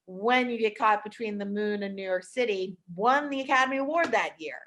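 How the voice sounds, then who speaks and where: A woman hosting a podcast, chatting enthusiastically about films with quick asides. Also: medium pitch, a bit bright, a little hiss or hum. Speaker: podcast host. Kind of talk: casual film chat.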